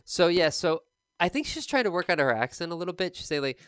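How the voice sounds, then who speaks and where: A man teaching TOEFL speaking on a live stream, explaining in a relaxed, conversational way. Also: high voice, fast talker, clean tone, dry recording, studio quality.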